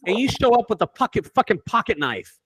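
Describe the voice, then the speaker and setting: A man who owns a junk removal business, telling animated, profane stories in a casual group chat. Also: sits high, a little fast.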